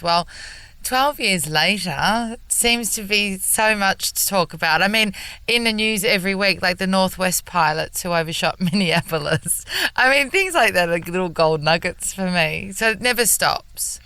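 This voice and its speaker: An Australian woman with a bright, crisp voice chats as a guest on a radio show. Her manner is camp and playful, and she laughs easily. The sound is dry, close and clean. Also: lowish voice, animated, moderate pace, no room sound. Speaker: comedian guest. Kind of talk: casual interview chat.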